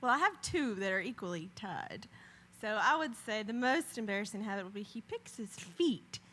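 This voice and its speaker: A woman with a Southern US accent answering game show questions in an animated, giggly way. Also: mid-range voice, moderate pace.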